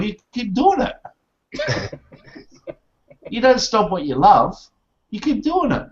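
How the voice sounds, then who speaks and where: A man in casual banter on a video call, loud and joking, swearing a lot. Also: high voice, sing-song, slow pace, long pauses. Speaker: hangout participant. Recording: dull lo-fi video call audio.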